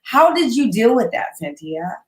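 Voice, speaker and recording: A woman's voice: on the high side, big pitch swings, unhurried, darkish tone. A woman hosting an interview, effusive and gushing as she asks her questions. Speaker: interview host. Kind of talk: casual interview chat. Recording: echoey room.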